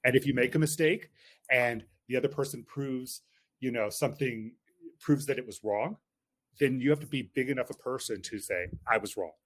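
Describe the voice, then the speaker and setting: Earnest man in his late forties, mid-pitched. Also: normal speed. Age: late 40s. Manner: earnest, reflective, often agrees. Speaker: podcast guest. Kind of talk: casual podcast conversation.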